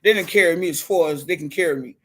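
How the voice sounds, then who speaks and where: A woman's voice: fairly low pitch, fast. A middle-aged woman and motivational speaker, telling her story on a live stream and speaking straight to viewers in a heartfelt, preachy way. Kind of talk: emotional live-stream testimony.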